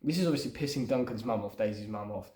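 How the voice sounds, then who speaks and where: A young man talks through his own film script in a loose, rambling way, thinking aloud and padding his points with fillers. His voice sits on the low side, and the room around him gives it a noticeable echo. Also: fast, dark tone. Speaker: aspiring screenwriter. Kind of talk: casual script breakdown.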